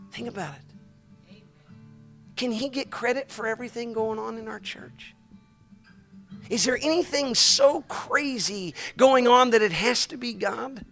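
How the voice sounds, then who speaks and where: Male preacher, high and piercing, animated storyteller from the pulpit. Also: a little slow, soft background music. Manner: animated, shouting at peaks, dropping to near whispers. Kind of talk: energetic storytelling sermon.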